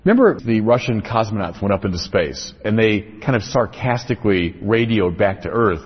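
Male speaker, lecture-style religious talk, lively intonation, dull lo-fi sound. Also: fairly low pitch, moderate pace, hardly any pauses, husky. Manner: explanatory, builds points in lists and rhetorical questions. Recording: echoey, dull lo-fi recording.

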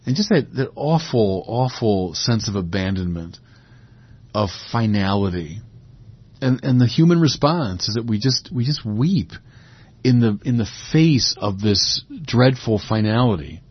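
A man's voice: on the low side, animated, measured pace, husky, dull audio. A man giving a sermon, reflective and rising to emphatic peaks. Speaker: preacher.

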